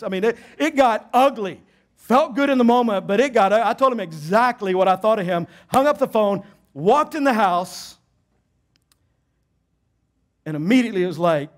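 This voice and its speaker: A middle-aged man, a pastor, preaching a sermon with animated, emphatic storytelling and self-deprecating humor. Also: high voice.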